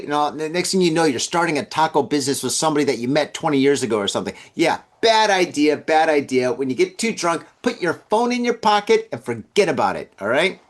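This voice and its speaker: A man's voice: fairly high pitch, fast talker, few pauses. A man hosting a comedy news podcast, reading odd stories and riffing on them with jokes and acted-out asides. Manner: animated, joking asides, acts out drunk voices. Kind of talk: casual comedic news commentary.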